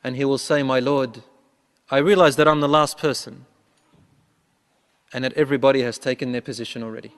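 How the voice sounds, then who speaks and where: A man preaching a sermon, telling a story and acting out its dialogue with a rising voice, reciting prayers quickly. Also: medium pitch, steady tone, smooth. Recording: long hall reverb.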